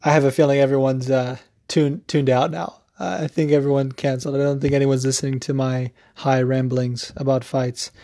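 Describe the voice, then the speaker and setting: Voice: mid-range voice, little pitch movement, moderate pace, few pauses, warm tone, no room sound, studio quality. A podcast host in a casual, profane opinion rant, rambling with lots of fillers. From United States.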